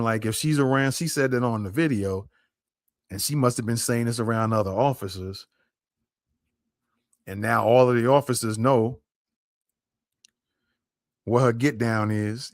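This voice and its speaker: A man in a middle voice hosts a commentary podcast, talking straight to his listeners. He is emphatic and circles back to the same points. The sound is dry and close, with no room echo. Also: medium pitch. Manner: emphatic, repeats points, addresses listeners directly. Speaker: podcast host. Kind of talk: commentary on a played clip.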